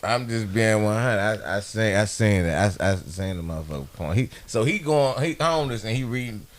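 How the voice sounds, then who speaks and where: A man's voice: lowish voice, lively intonation, brisk. A man co-hosting a podcast in casual chat, slangy, swearing often and talking in bursts. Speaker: podcast co-host.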